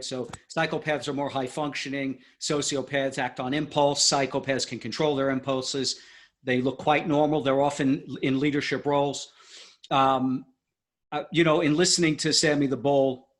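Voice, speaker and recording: A man's voice: medium pitch, a bit bright. A man hosting a podcast interview, thinking aloud in a rambling, thoughtful way. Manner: thoughtful, rambling, many fillers and restarts. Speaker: podcast host. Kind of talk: casual interview talk.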